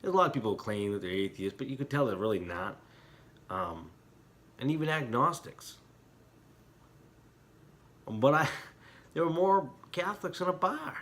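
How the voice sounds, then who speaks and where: A man's voice: medium pitch, lively intonation, moderate pace, pauses often. Impassioned middle-aged male preacher. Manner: heated, talks with rising emotion and repeated apologies; quiet and somber when reflecting. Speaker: internet preacher. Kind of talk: impassioned religious commentary.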